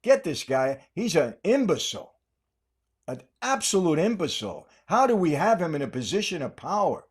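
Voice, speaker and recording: An older man talks straight to his listeners in a political commentary monologue. He hammers each point with rhetorical questions and says it again and again. His voice sits a little higher than most men's. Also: big pitch swings, normal speed, slightly rough. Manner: emphatic, repetitive, rhetorical questions. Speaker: podcast host.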